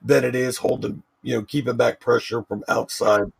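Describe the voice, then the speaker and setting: A man's voice: medium pitch, fairly even intonation, moderate pace, creaky, slightly rough, no room sound, low-quality recording. A man from Washington D.C. in a casual, profane debate chat, teasing the others, then asking long questions. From Southeast Washington D.C.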